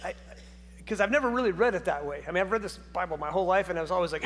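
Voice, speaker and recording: High-voiced male pastor in a reverberant church. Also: animated, very fast. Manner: conversational, asks the audience many questions, speaks with humor. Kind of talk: sermon. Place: church sanctuary.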